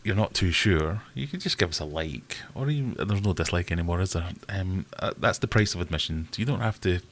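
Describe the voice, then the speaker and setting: A man with a somewhat low voice hosts a relaxed live stream. He chats loosely, greets viewers by name and makes fun of himself. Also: fairly quick. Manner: self-deprecating, chatty, greets viewers by name. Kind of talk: casual live-stream chat.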